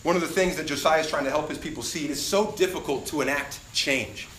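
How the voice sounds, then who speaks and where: A young adult man preaching a sermon as a pastor, animated and acting out the voices of people he quotes. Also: on the high side, fast talker, slight background noise. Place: church sanctuary. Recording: roomy church recording.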